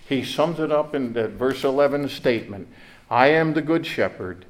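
A man's voice: mid-range voice, animated, normal speed. Earnest male pastor preaching a sermon. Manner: earnest, repeats words, rises to emphatic peaks.

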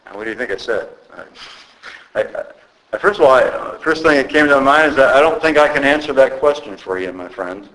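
A man's voice: mid-range voice, lively intonation, a bit bright, low-quality recording. A male pastor preaching a sermon in an earnest, conversational way, often restarting his phrases. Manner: earnest, halting with repeated restarts.

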